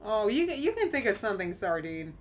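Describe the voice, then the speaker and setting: This woman runs a live react stream, reading chat aloud and breaking into animated exclamations as she talks casually. She speaks fairly quickly at medium pitch, with a bit of background noise.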